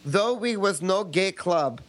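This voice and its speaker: A man's voice: sits high, expressive, slow, a bit bright, voice pushed up, exaggerated voice. A man reading a listener's email aloud in a put-on Russian accent, with hammy broken English. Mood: mock-serious.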